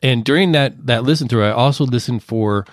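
A man working as an associate producer, calmly walking through his podcast editing process step by step in a casual chat. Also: mid-range voice, fairly quick, no echo, clean studio sound. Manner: detailed, methodical step-by-step explaining.

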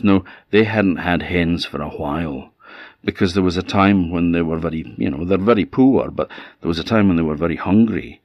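A man with an Orcadian Scottish accent telling a folk tale in a relaxed, conversational way. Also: deep voice, no room sound, dull audio. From Orkney, Scotland. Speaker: storyteller. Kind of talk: oral folk storytelling.

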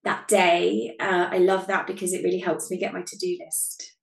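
A woman's voice: lowish voice, little pitch movement, moderate pace, creaky, roomy sound, poor audio. A woman, a podcast guest chatting casually, bubbly and self-deprecating, laughing often. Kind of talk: casual chat.

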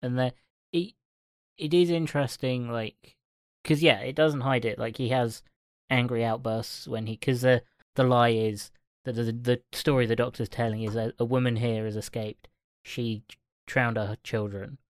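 A man co-hosting a casual film chat podcast, relaxed and hedging, often laughing along with the others. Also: medium pitch, moderate pace, no echo, clean studio sound. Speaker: podcast co-host.

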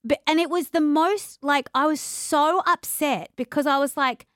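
A young adult woman hosting a casual conversation, animated and acting out the voices of people in her stories. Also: high-pitched, moderate pace, no room sound, studio quality. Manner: animated, acts out quoted voices. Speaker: podcast host.

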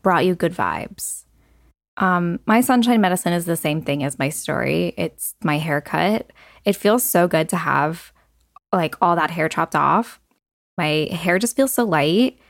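A young adult woman hosting a solo podcast, talking casually with lots of "like" and "um" fillers and quick asides. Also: mid-range voice, no room sound, studio quality. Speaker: podcast host.

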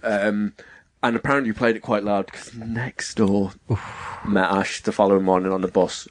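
A man's voice: lowish voice, level tone, moderate pace. A young man on a podcast, telling a story in casual chat, swearing freely and acting out the voices of the people he quotes. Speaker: podcast co-host.

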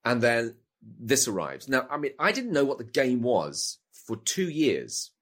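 A middle-aged actor with a British accent speaks in a mid-range, sing-song, slightly bright voice at a measured pace. Appearing as a guest in a casual interview, he rambles and often repeats words as he restarts his thoughts.

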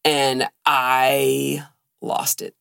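A woman's voice: very deep voice, drawn-out words, vocal fry, clear, resonant tone, no room sound, clean studio sound. A woman co-hosting a casual podcast, telling a personal story and acting out the quoted voices. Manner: animated, acts out quoted dialogue. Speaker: podcast co-host.

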